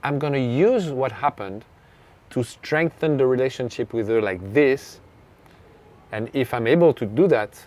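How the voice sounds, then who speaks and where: A man's voice: medium pitch, a little mellow. A man with a French accent, a tennis coach telling a story in an interview, earnest and reflective. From France. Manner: earnest, reflective, acts out remembered dialogue.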